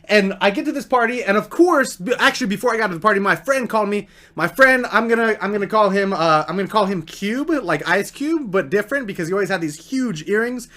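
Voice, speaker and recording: Young man, high voice, slangy rambling storytime vlog. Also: lively intonation, quick pace, hardly any pauses, pushed and bright. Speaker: vlogger.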